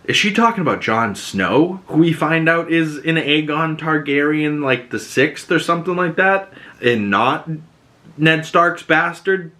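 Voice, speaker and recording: A man hosting a podcast, casually recapping a TV episode in an excitable, rambling way, full of "like" and swear words. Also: fairly high pitch, a little slow. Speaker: podcast host.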